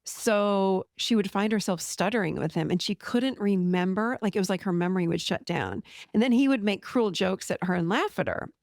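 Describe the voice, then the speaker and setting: Middle-aged female therapist-host, gravelly texture, dry close sound, direct and animated delivery. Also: medium pitch, moderate pace, few pauses, dry recording. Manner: direct, animated storytelling, acts out client quotes. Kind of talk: casual podcast monologue.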